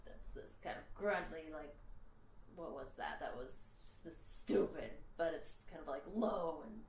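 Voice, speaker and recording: Lower-voiced reflective woman, echoey room. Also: a little slow, a little mellow, slight background noise. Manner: reflective, thinking aloud with hedges. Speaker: podcast host. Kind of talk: casual chat.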